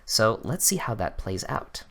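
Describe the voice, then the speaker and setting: Guy doing a chill screen-recorded tutorial, talking through each step, pitch bounces around a lot. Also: a little slow, creaky. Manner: relaxed, conversational step-by-step explaining. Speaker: software tutorial host.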